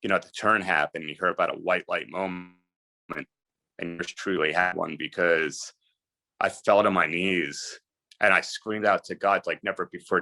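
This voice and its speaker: A man's voice: deep voice, steady tone, moderate pace, sharp tone, no echo. A middle-aged man from New Jersey, a guest telling his life story in earnest, emphatic, casual talk. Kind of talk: candid storytelling interview.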